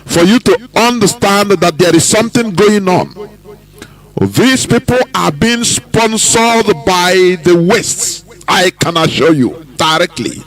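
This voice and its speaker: A Nigerian man hosts a political commentary broadcast, speaking very slowly with a fairly high voice. He stresses his words hard and stretches his phrases like a preacher making a point. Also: expressive, fairly bright tone, poor audio. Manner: emphatic, preaching, drawn-out phrases. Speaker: radio host.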